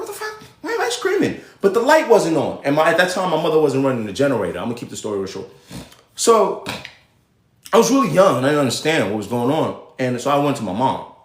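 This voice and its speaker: A man's voice: a little high, brisk. Rambling man hosting a live show. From Nigeria. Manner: animated, rambling, self-interrupting. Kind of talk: casual livestream commentary. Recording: echoey room.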